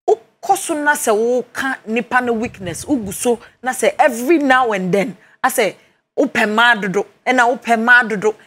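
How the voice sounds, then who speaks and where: A woman with a Ghanaian accent, discussing relationships in conversation and often answering with short agreeing replies. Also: fairly high pitch.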